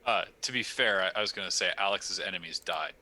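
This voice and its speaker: Man, tabletop player, joking banter, low pitch, very bright tone, lively. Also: fast talker.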